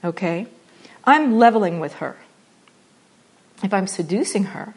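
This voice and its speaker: Woman teacher, spiritual talk; animated and playful, with quiet, slow repeated phrases. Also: mid-range voice, husky. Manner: animated and playful, acting out examples with laughter; drops to soft, slow repetition when guiding meditation. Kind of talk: spiritual talk mixing meditation and acting.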